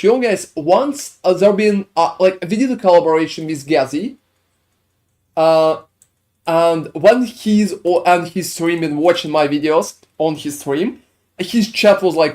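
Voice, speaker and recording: A man streams a game in a French accent, talking casually with his viewers and wandering through filler-heavy responses to chat. He speaks at a moderate pace, with a voice on the high side and a dark tone.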